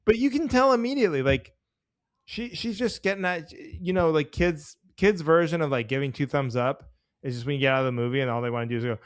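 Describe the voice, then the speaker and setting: A man's voice: on the high side, a little fast, no echo, studio quality. A man co-hosting a podcast in loose, joking casual chat, with lots of fillers. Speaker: podcast co-host.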